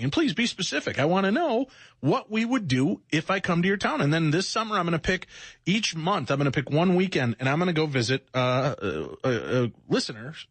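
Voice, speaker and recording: A man co-hosting a radio talk show, joking and animated in casual banter. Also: fairly high pitch, breathy edge, no room sound. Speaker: radio co-host.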